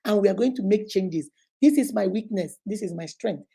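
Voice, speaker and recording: Gravelly Nigerian woman giving earnest advice. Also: medium pitch, normal speed, warm tone. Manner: earnest and emphatic, lapses into Igbo phrases. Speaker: relationship advice host. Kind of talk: motivational advice talk.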